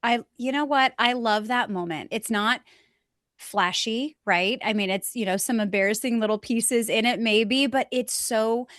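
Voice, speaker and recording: A woman's voice: fairly high pitch, unhurried, fairly bright tone, no echo, clean studio sound. A woman hosting a podcast interview, enthusiastic and affirming, often tagging her lines with "right?". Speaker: podcast host.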